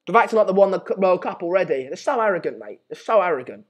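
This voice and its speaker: A man's voice: high-pitched, animated, fast talker, slightly rough. A man hosting a live football chat stream, ranting in an exasperated way and repeating himself. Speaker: live match chat host.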